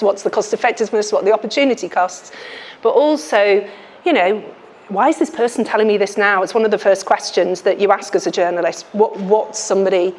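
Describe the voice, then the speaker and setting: Frank Scouse woman giving a talk. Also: medium pitch. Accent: Liverpool (Scouse). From Liverpool, England. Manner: frank, chatty, many restarts and fillers. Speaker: author and health journalist. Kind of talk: book launch talk to a live audience. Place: lecture room with audience.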